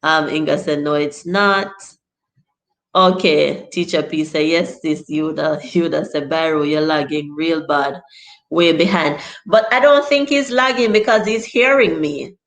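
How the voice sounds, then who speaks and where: Chatty Jamaican woman, slow and low. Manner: chatty, laughs often, reads viewer comments aloud. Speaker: teacher hosting a live stream. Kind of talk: casual live-stream lesson, reading chat aloud. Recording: echoey room.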